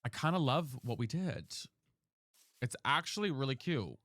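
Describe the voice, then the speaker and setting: Male streamer, casual live chat, dramatic, very lively pitch, dry sound. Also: normal speed, no echo. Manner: chatty and dramatic, thanks viewers by name.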